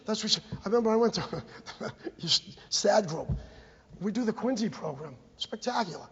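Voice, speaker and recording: A man's voice: high-pitched, normal speed, slightly rough. A middle-aged man gives an impassioned, repetitive public comment at a town committee meeting, urging the members to act. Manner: emphatic, repetitive, exhorting. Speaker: bereaved parent giving public comment. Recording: dull, echoey public-access meeting recording.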